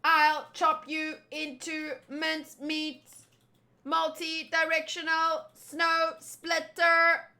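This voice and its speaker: A woman's voice: sits high, completely flat delivery, slow pace, pushed and bright, exaggerated voice. A woman voicing an arrogant male villain who taunts and scorns his opponent. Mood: taunting.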